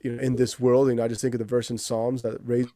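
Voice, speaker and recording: Co-host, male, chatty and rambling, dry close sound, plain mid pitch. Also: flat delivery, fast talker, warm tone, no room sound. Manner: rambling, many restarts and "you know". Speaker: podcast co-host, movie reviewer. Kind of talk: casual chat.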